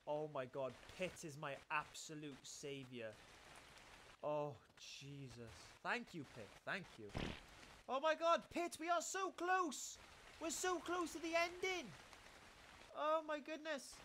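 A man giving excitable let's-play commentary while he plays, exclaiming and swearing often. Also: very high voice, takes it slowly, background noise. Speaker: gaming YouTuber.

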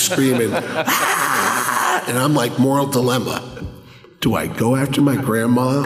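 Man, middle-aged, animated storyteller, convention panel, handheld mic, long hall reverb. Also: mid-range voice, creaky. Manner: animated storyteller acting out voices. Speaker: podcast panelist. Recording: echoey hall, roomy reverb.

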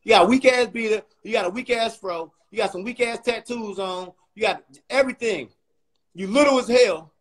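On a livestream with poor audio, a comedian host with a strikingly high voice runs a profane comic roast. He is loud and mocking, rapidly firing insults at the person he's arguing with.

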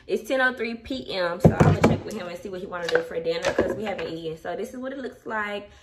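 A woman's voice: mid-range voice, quick pace. A young adult woman chatting casually with her viewers at home, open and emotional. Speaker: vlogger. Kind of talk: casual vlog chat. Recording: distant mic, faint background noise.

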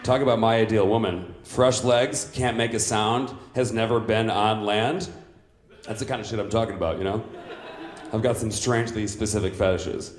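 A man's voice: fairly low pitch, steady tone, normal speed, close to an everyday voice. A man playing a boastful, vain macho villain at a live stand-up roast, brash and crudely insulting everyone in turn. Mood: smug. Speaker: roast comedian in character. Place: comedy club stage. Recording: roomy club sound.

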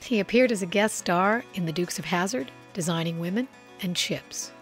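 A woman reading scripted narration for a biography documentary in a measured, even way. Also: lowish voice, soft background music.

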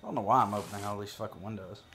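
A man's voice: on the low side, steady tone, racing, fairly bright tone, faint music behind. A man giving casual, profane gameplay commentary as a gaming video creator, joking and talking to himself as he plays.

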